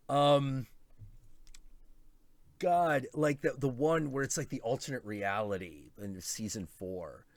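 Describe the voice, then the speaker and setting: A man hosting a casual stream chat, excitable and swearing a lot, acting out quotes as he talks. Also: medium pitch, slow pace, long pauses, no echo. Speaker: host.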